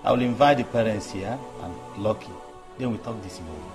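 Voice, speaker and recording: A man's voice: on the low side, fairly quick, over loud music, close to an everyday voice. An actor with a Nigerian accent playing a powerful senator who protects his daughter and threatens others. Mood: reassuring. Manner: commanding, threatening. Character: powerful senator and angry father.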